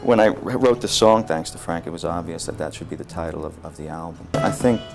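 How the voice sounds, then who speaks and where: A guitarist reminisces calmly in an interview. His voice sits very low, and loud music plays behind him. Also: fairly quick, vocal fry. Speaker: guitarist, former bandmate. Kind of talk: reflective interview talk.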